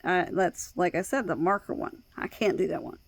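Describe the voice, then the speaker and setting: Woman chatting to her camera, lowish voice, lots of ums and restarts, dry close sound. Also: lively intonation, normal speed, vocal fry, husky, no room sound. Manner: hesitant, many ums and restarts. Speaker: vlogger. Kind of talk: casual personal talk to camera. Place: outdoors at night by her door.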